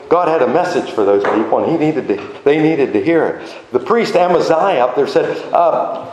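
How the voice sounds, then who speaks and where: A man preaching a sermon with animated emphasis, his voice swinging between high exclamations and low asides. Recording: very echoey room with faint noise.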